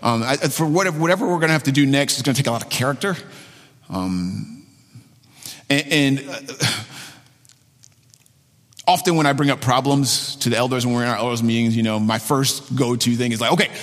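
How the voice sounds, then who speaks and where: A man preaching a sermon as pastor of his church, earnest and halting, repeating phrases and restarting often. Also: mid-range voice. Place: church sanctuary. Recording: long hall reverb.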